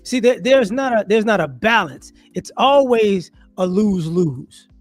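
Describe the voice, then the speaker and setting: A man giving casual monologue commentary as an online commentator, animated and rhetorical, often restarting his sentences. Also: high-pitched, unhurried, soft background music.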